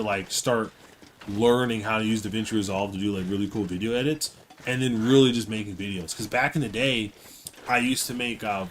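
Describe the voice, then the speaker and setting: Here a man with a lowish, fairly bright voice co-hosts a live game stream, chatting in a loose, playful, rambling way while slight background noise sits underneath.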